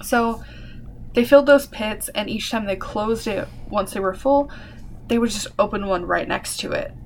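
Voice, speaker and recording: Chatting casually on a podcast she co-hosts, a young woman tells a history story in a mid-range voice at normal speed. She uses plenty of fillers and swears now and then, and there's slight background noise.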